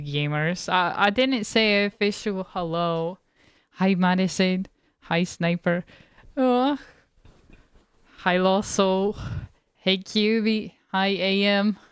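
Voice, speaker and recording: A woman's voice: medium pitch, clear, resonant tone, no room sound. Woman streamer, laid-back casual chat, giggly, dry close sound. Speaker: game streamer. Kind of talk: casual chat with live viewers.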